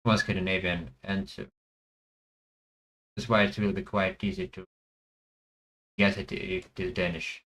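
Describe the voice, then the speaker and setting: A man thinking aloud as he plays a language guessing game, hesitant and full of pauses and fillers. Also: deep voice, level tone, a bit bright, rough recording. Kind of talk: thinking aloud while playing.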